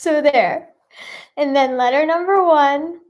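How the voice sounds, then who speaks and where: A bright, high-voiced woman runs a fun live stream, calmly taking her time as she reads viewer guesses out loud in a bubbly, upbeat way.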